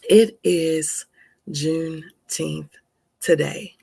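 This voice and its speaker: A woman hosting a casual live stream, talking in a lively, playful and encouraging way with drawn-out emphasis, recorded on a phone. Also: deep voice, gravelly, slightly rough, no room sound.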